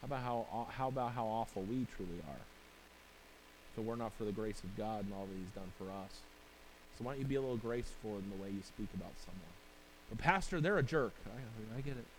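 Speaking fast in a fairly low, darkish voice, this male pastor delivers his sermon in a chatty way, often asking "right?" and adding asides. Scripture comes out in King James phrasing. The recording is rough, with some hiss or hum.

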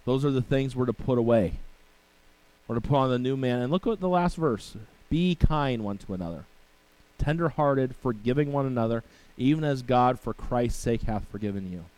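A mid-range, slightly mellow male voice at a moderate pace belongs to a pastor preaching conversationally, with rhetorical "right?" questions and asides. He reads scripture aloud in King James wording over poor audio.

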